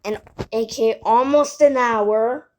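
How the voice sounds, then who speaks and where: A woman's voice: on the high side, slow, a little mellow. A female voice telling a casual storytime vlog, rambling with lots of "like" and side remarks. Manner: rambling, filled with "like", frequent asides.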